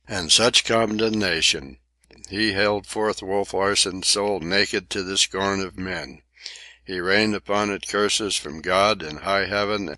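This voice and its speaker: A male audiobook narrator reads a classic sea novel in a measured, literary way. His voice sits very low yet comes across bright and forceful, and the recording is dry and close. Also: dry recording. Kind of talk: scripted narration.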